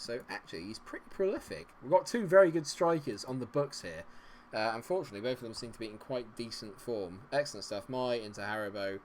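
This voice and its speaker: A man's voice: lowish voice, slight background noise. Sarcastic man commentating a game. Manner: exasperated, sarcastic, swings from grumbling to cheering. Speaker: gaming streamer.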